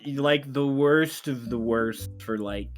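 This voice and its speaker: A man's voice: mid-range voice, a little slow, faint music behind. A man narrating as dungeon master in a casual tabletop game session, swearing and joking with players. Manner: casual, swears, plays NPC voices.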